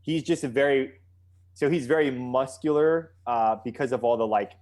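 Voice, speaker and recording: A male player talks through his character's backstory in a casual, tentative way. He pauses and restarts as he thinks. His voice sits at an ordinary middle pitch. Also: darkish tone. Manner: hesitant, thinking aloud. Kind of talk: casual tabletop play.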